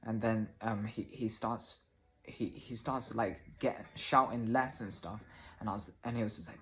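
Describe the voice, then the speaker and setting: A man telling a personal story casually to camera, halting often and restarting his sentences, with the odd swear word. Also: on the low side, steady tone, a bit bright. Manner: hesitant, many restarts and fillers, casual swearing. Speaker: vlogger.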